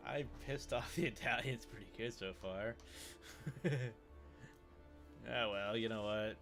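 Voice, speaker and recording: A man's voice: fairly low pitch, slow pace, music in the background. A man casually commentating his own strategy game playthrough, muttering to himself and grumbling at the game. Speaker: gaming YouTuber. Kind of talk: casual let's-play commentary.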